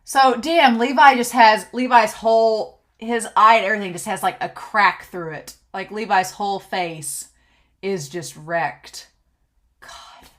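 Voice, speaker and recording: A woman talks through an anime episode in a casual recap. Her voice sits at a middle pitch for a woman. She sounds excitable and thinks aloud, often checking in with the listener. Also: a little slow.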